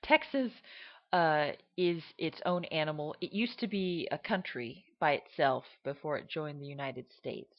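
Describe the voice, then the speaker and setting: Woman, low voice, slow and hesitant, casual explainer, dull lo-fi sound. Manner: hesitant, many fillers, demonstrates accents. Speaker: teacher explaining regional accents. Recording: dull lo-fi recording.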